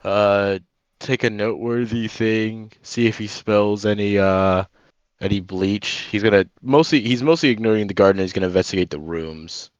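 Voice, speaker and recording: A man's voice: fairly low pitch, moderate pace, clear, resonant tone, no echo, lo-fi sound. A man playing in a tabletop game, talking in a hesitant way with lots of ums. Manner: hesitant, full of ums and hedging. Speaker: player. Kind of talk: casual tabletop play.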